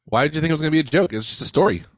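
A man's voice: fairly high pitch, animated, racing, no echo. A man hosting a podcast, chatting casually, telling stories loosely and laughing often. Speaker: podcast host. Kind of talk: casual chat.

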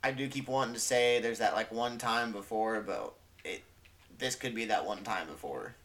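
A man co-hosting a podcast in relaxed casual chat, laughing easily and thinking aloud. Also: on the low side, moderate pace. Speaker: podcast co-host.

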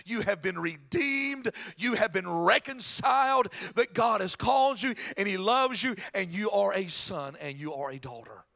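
A man preaching a sermon as pastor, animated and telling stories with acted voices. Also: high voice, vocal fry.

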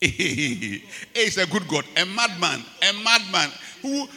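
A man with a Ghanaian English accent, a bishop preaching a sermon, who drops to low murmurs, then rises to shouts and repeats his lines. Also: sing-song, takes it slowly, long reverb tail. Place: large church hall.

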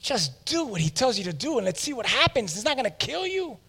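Man voicing a loyal servant, blunt, persuading, high voice, hall reverb. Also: sing-song, a little fast, bright, forceful tone, breathy edge, exaggerated voice. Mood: pleading.

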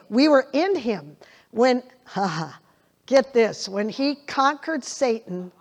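An older woman preaching a sermon in a folksy way, chuckling often and repeating scripture lines with emphasis. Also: high-pitched.

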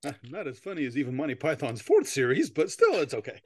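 Animated, joking man hosting a podcast. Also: mid-range voice, fast, breathy edge, no echo, studio quality. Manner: joking, laughs often, goofy tangents. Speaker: podcast host. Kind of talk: casual comedy podcast chat.

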